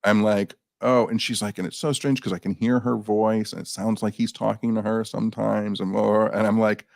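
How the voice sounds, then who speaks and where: A man's voice: fairly low pitch, moderate pace, creaky, no echo, clean studio sound. A man, a guest on a paranormal talk show, telling anecdotes in a casual chat and acting out the people he quotes. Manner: animated anecdote teller, acts out quotes.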